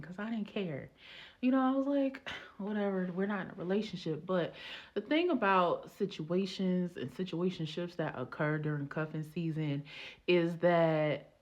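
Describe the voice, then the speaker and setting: A woman with a somewhat low voice tells a personal story in an animated, playful way, slipping into teacherly asides. The audio is dull and lo-fi. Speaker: relationship vlogger. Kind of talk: casual storytelling and advice.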